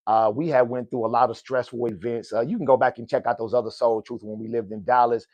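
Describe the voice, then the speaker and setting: A middle-aged Oklahoma, US, man hosts a podcast, talking fast at a medium pitch with fairly even intonation and a slightly mellow voice. His motivational personal talk turns preachy, peppered with "right?" and "good people" as he addresses his listeners. No echo is heard.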